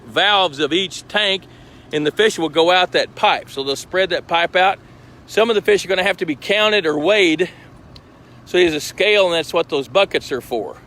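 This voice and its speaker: Out by a lake at a fish truck, a male host runs a live stream on a handheld phone camera. His voice sits on the high side, pushed and bright, and he's chatty and explanatory while walking around.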